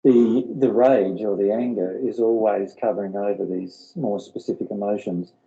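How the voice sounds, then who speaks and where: Man leading a spiritual workshop, super dark mellow voice, dull lo-fi recording. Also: lowish voice, steady tone, moderate pace, creaky. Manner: earnest, explanatory, repeats words. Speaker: workshop teacher.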